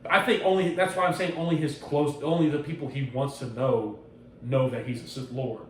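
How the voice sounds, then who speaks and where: Profane, excitable man recorded off-mic in a roomy space. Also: medium pitch, a little fast, recorded from a distance, slight background noise. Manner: loose, profane, animated retelling. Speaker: podcast host. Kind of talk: casual chat. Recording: roomy echo, off-mic, faint ambience.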